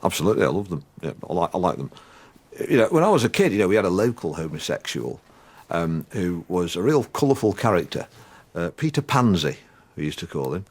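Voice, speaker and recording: A man's voice: low voice, very animated, brisk, breathy edge, exaggerated voice. An actor playing a blustering middle-aged Englishman in anger therapy, rambling and hesitant with crude asides. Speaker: anger management group member. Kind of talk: sitcom acting.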